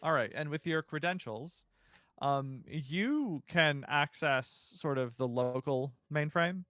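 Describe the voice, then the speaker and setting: A man's voice: fairly high pitch, expressive, slow pace, a bit bright, no echo, faint music behind. A man narrating as game master in a casual, loose way with many fillers.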